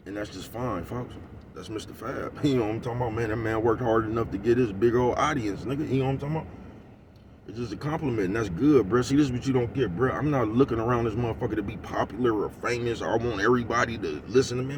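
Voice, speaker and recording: A man with a lowish voice rants at a rapid clip, rambling in thick slang and breaking into laughs. He sits in a vehicle some way from the mic, with a faint hum of the road behind him. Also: distant mic. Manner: rambling, heavy slang, keeps asking "you know what I'm talking about"; laughs often, gets loud and heated. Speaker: vlogger. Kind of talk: casual rant to camera.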